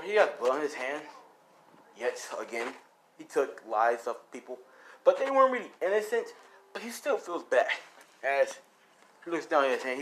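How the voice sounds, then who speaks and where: A man's voice: mid-range voice, fairly bright tone, slight background noise. A young man casually improvising a fan story, rambling with lots of fillers. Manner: rambling, full of "you know" fillers.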